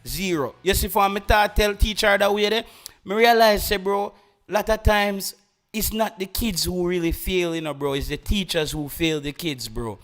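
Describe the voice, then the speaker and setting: A man's voice: high-pitched, moderate pace, a bit bright, soft background music. A young Jamaican man with a country accent, chatting casually as a podcast host, rambling and switching between patois and English. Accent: Jamaican rural. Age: young adult. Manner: rambling, mixes patois and English, many restarts. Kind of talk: casual chat.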